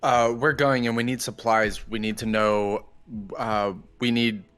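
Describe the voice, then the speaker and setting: A man's voice: medium pitch, flat delivery, a little slow, fairly bright tone, clean tone. A man playing a tabletop game in character, speaking hesitantly with formal phrasing. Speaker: player.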